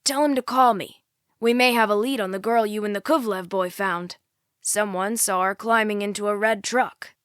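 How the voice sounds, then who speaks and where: A woman's voice: medium pitch, fairly even intonation, normal speed, smooth, no echo, studio quality, close to an everyday voice. A woman voicing a middle-aged male small-town sheriff who speaks in a suspicious, insinuating way, in an audiobook.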